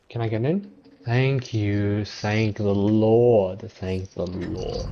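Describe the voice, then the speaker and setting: A man giving gameplay commentary, reacting loudly and talking to the creatures he meets on screen. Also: fairly low pitch, big pitch swings, slow pace, highs cut off. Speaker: gameplay streamer.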